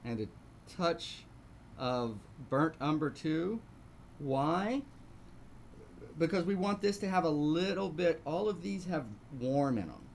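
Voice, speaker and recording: Male painting instructor, slightly high voice, live class with faint room noise. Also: animated, slow, creaky. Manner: talks through steps, asks rhetorical questions. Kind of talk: live online painting lesson.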